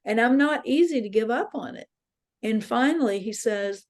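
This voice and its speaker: A woman with a high-leaning voice and lively intonation speaks at normal speed while leading a dream workshop in an interfaith center meeting room. Her spoken talk shares personal dream stories in an earnest, reflective way.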